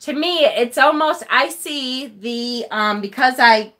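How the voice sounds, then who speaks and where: A woman's voice: high voice, slow pace, pushed and bright. A woman hosting a casual tarot live stream, answering viewer comments in a blunt, profane way, often laughing and sighing. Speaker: tarot channel host.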